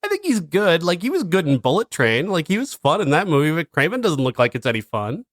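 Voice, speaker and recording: A man's voice: on the high side, huge pitch swings, fairly quick, no room sound, studio quality. A man co-hosting a film review podcast, chatting bluntly and in an exasperated way, often laughing. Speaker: podcast co-host, film critic. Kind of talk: casual chat.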